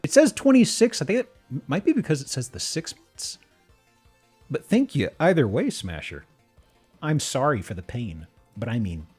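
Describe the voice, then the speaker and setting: A man streaming live, chatting casually and excitably, often breaking into laughter and restarting his sentences. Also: medium pitch, breathy edge.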